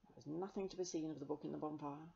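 A woman reading a children's novel aloud in a gentle, measured storytelling manner. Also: low-pitched, steady tone, creaky, breathy edge, muffled recording. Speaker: reader.

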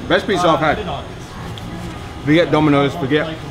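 A man's voice: a little high, normal speed. A young man with a British accent, vlogging in a casual, chatty, joking way outdoors in a city to a handheld camera. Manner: relaxed, chatty, jokey. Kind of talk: casual vlog chat. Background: music playing.

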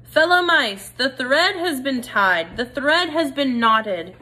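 A woman's voice: medium pitch, fairly even intonation, normal speed, a bit bright, lightly acted, rough recording. A woman voicing a mysterious old male mouse leader who speaks in a confiding, ceremonial way. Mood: proclaiming.

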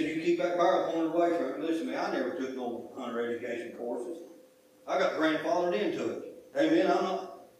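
A man's voice: medium pitch, darkish tone, a little hiss or hum. A middle-aged man preaching a sermon as pastor, talking in a folksy, conversational way and repeating himself for emphasis. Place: church sanctuary. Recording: echoey church sanctuary from a far mic.

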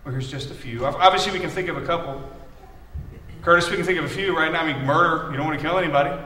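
A man's voice: fairly high pitch, racing, pushed and bright, a little hiss or hum. A Midwestern American man preaching a casual, chatty sermon to his congregation, telling stories and calling on people by name. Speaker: lay preacher. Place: church sanctuary. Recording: echoey church from a distance.

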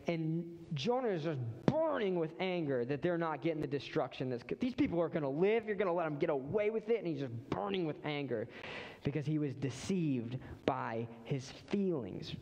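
Animated pastor in a reverberant hall. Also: male voice, a little high, dull audio. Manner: animated, acts out the voices of people in the story. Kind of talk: sermon. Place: church hall.

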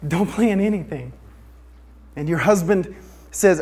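A man's voice: high voice, expressive, normal speed, a little mellow. A man preaching a sermon, joking with the congregation and asking them for a show of hands. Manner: asks the audience for a show of hands. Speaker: pastor.

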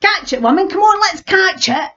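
Brief: excitable old Scots weaver, voiced by a woman, much higher, loud and bossy, lo-fi. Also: fairly quick. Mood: excited. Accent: Scottish, Ayrshire.

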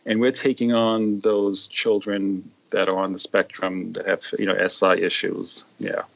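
A man's voice: low-pitched, level tone, a little slow, vocal fry, fairly bright tone. Middle-aged New York man, podcast guest, loose rambling talk full of "you know", slightly dull lo-fi sound. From New York, USA. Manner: rambling, many fillers and restarts. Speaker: guest occupational therapist. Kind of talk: casual interview chat.

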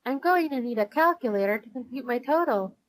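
Know-it-all boy, voiced by a woman in a picture book, crisp and self-assured. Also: on the high side, expressive, a little fast, no echo, natural voice. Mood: smug.

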